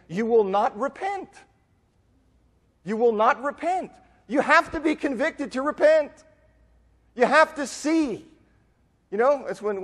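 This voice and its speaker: High-voiced man preaching in a reverberant hall. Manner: conversational Bible teaching with quoted voices. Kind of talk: sermon. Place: church auditorium.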